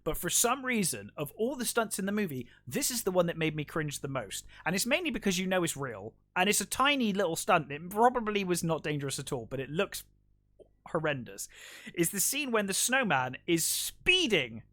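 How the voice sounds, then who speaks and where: A man's voice: high voice, very animated, normal speed, bright, forceful tone, dry recording. Man acting out film scenes in review. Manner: retells scenes acting out lines, many fillers. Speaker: podcast co-host. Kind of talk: casual film review chat.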